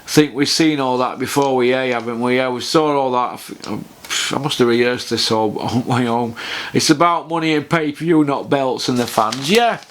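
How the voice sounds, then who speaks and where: A man's voice: mid-range voice, normal speed, fairly bright tone, a little hiss or hum. A man, ranting bluntly to camera about boxing and swearing freely on a casual vlog. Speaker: boxing vlogger.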